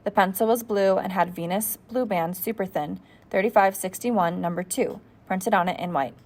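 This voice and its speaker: A woman reads a novel aloud for an audiobook in a plain manner, occasionally slipping and starting over. Her voice is medium in pitch and moves at a moderate pace.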